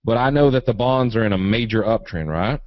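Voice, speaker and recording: A man with a Southern accent from Eastern Kentucky leads a live webinar on trading in a low, easygoing voice. He jokes in a folksy way as he reads out questions and answers them. The audio is dry and slightly muffled, like a dull web stream. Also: brisk, no room sound. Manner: folksy, relaxed, joking. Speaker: trading educator. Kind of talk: live webinar teaching, reading viewer questions.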